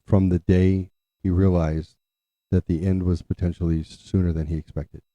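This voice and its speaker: A man's voice: low-pitched, level tone, normal speed, dark tone, no room sound. A man telling a personal family story in a rambling way, often restarting his sentences. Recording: dull lo-fi, dry.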